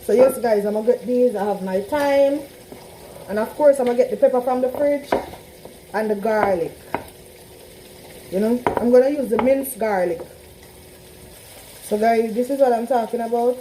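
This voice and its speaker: With a pan frying and sizzling behind her, a Trinidadian-accented home cook vlogger talks casually to her viewers from her kitchen. Her voice is on the high side at a normal speed, she pauses often, and the background is noisy.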